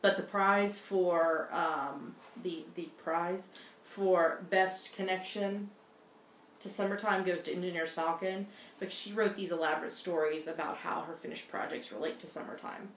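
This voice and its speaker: A woman's voice: on the low side, steady tone, moderate pace, a bit bright. A middle-aged woman co-hosting a casual knitting podcast with her daughter, chatting in a rambling way with many fillers and restarts. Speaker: podcast co-host, mother. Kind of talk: casual chat. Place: home in Scotland. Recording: roomy echo, faint noise.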